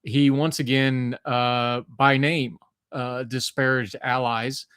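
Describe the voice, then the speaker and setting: A man's voice: mid-range voice, level tone, slow pace, fairly bright tone, clean tone, no room sound. A man from the United States giving blunt, opinionated live-stream commentary, with frequent fillers and restarts. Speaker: political commentator.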